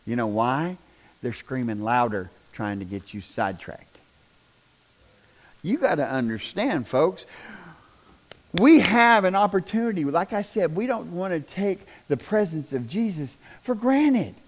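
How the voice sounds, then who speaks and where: A high-voiced male preacher delivers a fiery sermon. He swings from loud shouting down to hushed near-whispers, folksy and full of repeated questions to the congregation. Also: sing-song, measured pace. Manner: folksy, repeats "do you understand".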